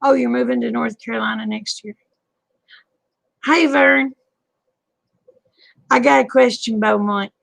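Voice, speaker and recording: Folksy older woman, gravelly. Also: on the high side, fairly even intonation, measured pace, long pauses, fairly bright tone, no room sound. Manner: folksy, calls people honey and babe. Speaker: live stream host. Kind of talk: casual late-night chat with viewers.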